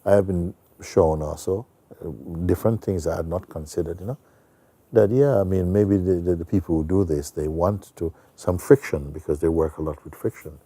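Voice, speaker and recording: A man who is a spiritual teacher, telling a story in a soft-spoken, relaxed way with many fillers. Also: low voice, normal speed, husky, no echo. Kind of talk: storytelling talk.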